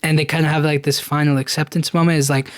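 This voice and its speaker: A man's voice: fairly high pitch, flat delivery, fast, no room sound, clean studio sound. Rambling man recapping a film. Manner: rambling, filler-heavy retelling with frequent "you know what I mean". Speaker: podcast host.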